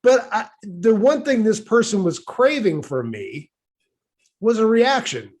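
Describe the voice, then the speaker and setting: Lively middle-aged man telling a story. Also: sits high, a little slow. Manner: animated, wry, exasperated. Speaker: vlogger telling a personal story. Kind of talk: casual storytelling.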